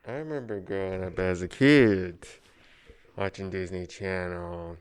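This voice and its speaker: A man talking in casual podcast chat, mostly offering brief replies. His voice is very deep and smooth. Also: unhurried. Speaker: podcast guest.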